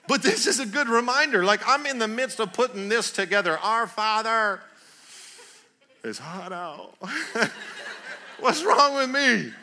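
A male pastor delivers a sermon in a storytelling way, with a fairly high, very bright voice. He swings from loud, excited bursts down to soft, prayerful stretches. He trips over his words and laughs often. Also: moderate pace. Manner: frequent restarts and laughter.

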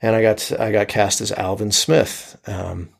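As a guest in a casual interview, this Utah comedian and actor keeps restarting his sentences hesitantly and uses many fillers. He speaks at a measured pace in a lowish, level voice that's creaky and slightly rough.

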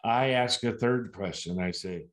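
Animated older man telling sales stories. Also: unhurried. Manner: animated, acts out client dialogue with big pitch jumps. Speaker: insurance sales producer, interview guest. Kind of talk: animated storytelling in an interview.

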